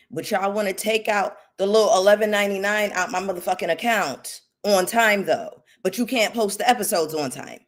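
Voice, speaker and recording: A woman hosting a casual live stream, sassy and animated as she greets her viewers by name and rants about reality TV. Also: fairly high pitch. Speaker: YouTube commentary host.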